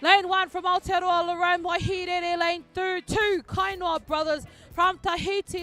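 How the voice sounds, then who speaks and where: A woman giving chatty, joking, excitable live commentary on a canoe race outdoors. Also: very high voice, unhurried, few pauses, soft background music.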